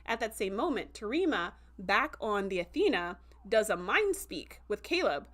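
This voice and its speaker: A woman hosting a casual livestream review, chatty and full of "like" and "um" fillers, who slips into animated voices when quoting characters. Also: mid-range voice, moderate pace. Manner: breaks into animated voices for quotes.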